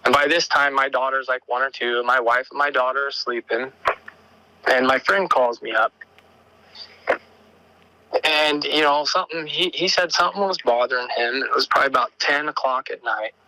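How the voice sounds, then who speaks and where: The low-quality, roomless recording captures a caller, his voice mid-range, recounting an encounter he had. He rambles casually, stopping and restarting sentences with lots of fillers, and becomes more excited and urgent as the story builds.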